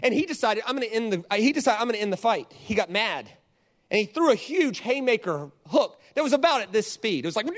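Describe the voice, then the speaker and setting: A man's voice: very high voice, brisk. A man in his forties preaching a sermon, telling a story and acting out scenes and quotes. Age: 40s. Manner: animated, acts out scenes and quotes. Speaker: pastor.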